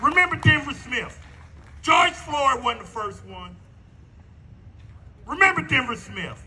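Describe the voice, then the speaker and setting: A man's voice: extremely high pitch, animated, slow pace, noisy background. A middle-aged man giving a fiery, profane protest speech at an outdoor rally, repeating his rallying lines. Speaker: rally speaker.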